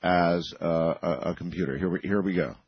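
A man hosting a radio talk show, giving wry, measured commentary on the calls he plays. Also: low-pitched, muffled recording, heavy background noise.

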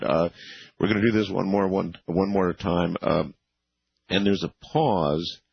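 Husky low-voiced radio host. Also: male voice. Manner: hesitant, restarts often, reacts with amazement. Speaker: radio talk show host. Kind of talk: casual radio interview. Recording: muffled lo-fi radio audio.

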